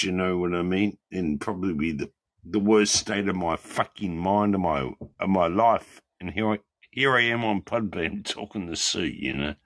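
A man's voice: sits low, moderate pace, fairly bright tone, no room sound. Tipsy man swearing freely. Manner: swears constantly, rambling. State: a bit drunk. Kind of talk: casual chat.

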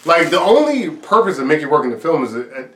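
A man's voice: fairly high pitch, big pitch swings, fast, fairly bright tone. Casual man reacting in an echoey room. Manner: agreeable, profane, short reactions. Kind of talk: casual film chat. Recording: roomy echo, somewhat far from mic.

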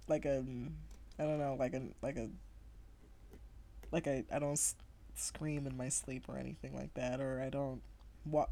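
A woman's voice: sits low, dark tone. A young woman telling a personal story in casual podcast chat, rambling with lots of fillers and restarts. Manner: chatty, rambling, many fillers and self-corrections.

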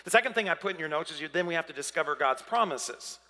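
Slightly high and pushed bright, his animated voice moves at a quick pace as he preaches. The pastor speaks emphatically in a reverberant hall, dramatically taking on the voices of figures from the Bible.

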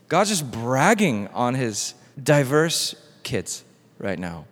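Animated male preacher in a reverberant hall. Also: mid-range voice, slow pace, long pauses. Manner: animated, acts out quoted dialogue in a casual modern voice. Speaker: pastor. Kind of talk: sermon. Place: church hall.

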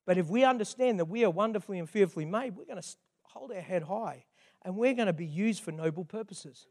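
High-voiced older male preacher. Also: animated, fast. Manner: conversational, chatty preaching with frequent asides. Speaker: pastor. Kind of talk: sermon.

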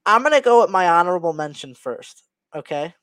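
A man co-hosting a casual podcast chat, relaxed and playful. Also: high voice, brisk, dry recording. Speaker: podcast co-host.

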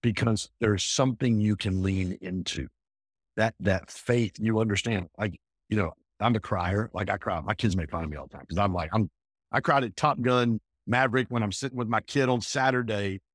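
A man talking as an entrepreneur guest in a casual interview, emphatic and energetic, often repeating himself. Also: lowish voice, normal speed, slightly rough, dry recording, clean studio sound.

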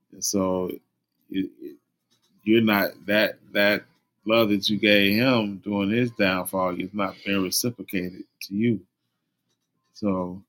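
Guy giving advice on a chat show, keeps restarting his sentences, earnest, slightly low voice. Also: fairly bright tone. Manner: halting, restarts a lot, earnest. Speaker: podcast co-host.

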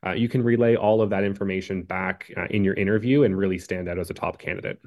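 A man answering interview questions about job hunting in a measured way, with frequent ums and uhs. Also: deep voice, fairly even intonation, a little mellow. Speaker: career advice guest.

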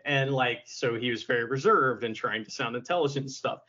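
A man's voice: medium pitch, fairly quick, sharp tone, dull audio. A man co-hosting a podcast in casual chat, who laughs a lot and acts out quotes in silly voices. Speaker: podcast co-host.

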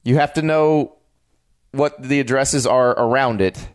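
A man in his forties chats on a podcast at a middle pitch. He tells food and travel stories with eager, animated energy. His delivery stays loose and conversational. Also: unhurried, clean tone. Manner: enthusiastic storyteller, animated. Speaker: podcast co-host. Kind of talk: casual chat about food and travel.

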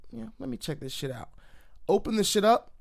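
A man's voice: high voice, sing-song, brisk, gravelly. A man in casual chat, telling heated, profane stories full of "like" and fillers.

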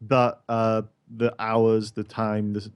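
A man's voice: on the low side, completely flat delivery, slow, clear, resonant tone, no echo. Man from Scotland, casual gaming chat host, hesitant, dry close sound. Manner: hesitant, many ums, asks questions. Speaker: podcast host.

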